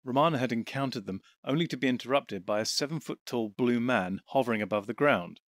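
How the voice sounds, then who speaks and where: A male narrator reads an audiobook in an even, steady voice. The sound is close and dry with no room around it, at a middle pitch. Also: brisk, no room sound.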